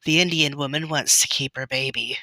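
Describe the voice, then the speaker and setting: A woman's voice: rumbling low, fairly even intonation, brisk, sharp tone, no room sound. A woman doing a stern pioneer father. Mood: firm. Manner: stern, firm.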